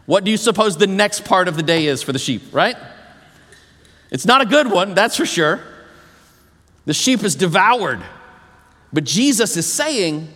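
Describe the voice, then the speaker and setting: A man preaching a sermon as pastor, animated, dropping low and slow on key phrases. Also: big-room sound.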